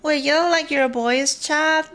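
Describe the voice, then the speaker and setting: A woman's voice: high-pitched, steady tone, a little slow, a bit bright. Chatty woman streamer. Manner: chatty, greets viewers one by one, switches between English and Spanish. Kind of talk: casual chat with viewers.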